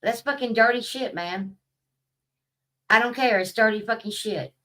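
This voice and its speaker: Woman vlogger, casual rant, bright and slightly high, swears freely, distant from the mic. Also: moderate pace. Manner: profane, blunt, rambling.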